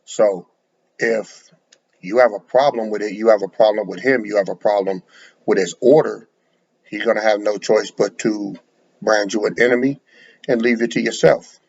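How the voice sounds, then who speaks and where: A man's voice: lowish voice, steady tone, moderate pace, gravelly, a little mellow, breathy edge. A man preaching bluntly, lecturing and repeating words as he speaks, in a dull lo-fi recording. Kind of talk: sermon to camera.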